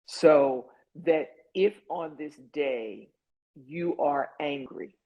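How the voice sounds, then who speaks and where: A woman's voice: deep voice, very slow. Earnest woman facilitator on a dull call. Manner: conversational, earnest, lots of "like" and "you know". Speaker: support group facilitator. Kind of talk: guided online group session. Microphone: video call. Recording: dull lo-fi video call audio.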